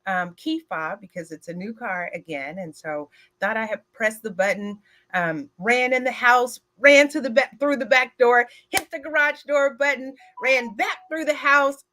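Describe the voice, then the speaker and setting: Bright-voiced woman telling a story. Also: fairly high pitch, moderate pace. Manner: animated storyteller who speaks straight to the audience; frequent filler words. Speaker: speaker at a women's retreat. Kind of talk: personal storytelling talk.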